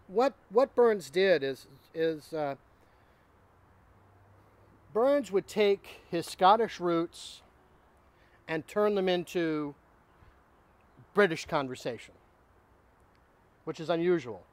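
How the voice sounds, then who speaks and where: Man lecturing in halting bursts. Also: a little high. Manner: halting, lecturing with fillers and restarts. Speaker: host. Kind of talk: informal literature talk.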